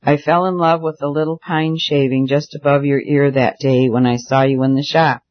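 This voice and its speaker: A man voicing a shy, loving young woman in a novel, gently and shyly. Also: fairly high pitch, little pitch movement, normal speed, highs cut off, close to an everyday voice. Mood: tender. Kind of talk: reading dialogue in a novel.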